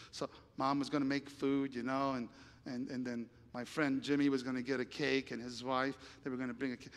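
A male pastor with a mid-range, slightly bright voice tells a story in his sermon, voicing the dialogue and then rising to emphatic appeals. The sound carries the long reverb of a church sanctuary.

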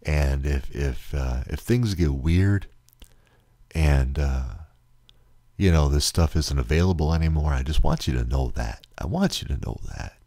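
Very deep-voiced, husky man, halting. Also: dark tone, no echo, clean studio sound. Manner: halting, repeats words, emotional and earnest. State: near tears. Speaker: podcast host. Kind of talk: rambling solo podcast monologue.

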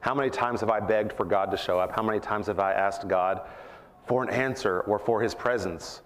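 A man preaching a sermon at church, earnest and reflective, rising in pitch to stress his points. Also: brisk, big-room sound.

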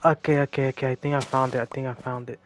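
A man giving casual gameplay commentary, jokey and excitable, talking to himself and to the game's creatures. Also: mid-range voice, quick pace, a little hiss or hum.

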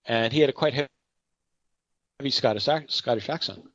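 A man's voice: mid-range voice, measured pace, no echo, lo-fi sound. A middle-aged man giving an unscripted market commentary, rambling and correcting himself with chatty asides and anecdotes.

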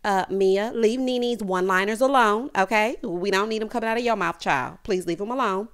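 A woman giving a casual, sassy recap of a reality show, with animated asides to the viewer. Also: mid-range voice, a little fast, smooth.

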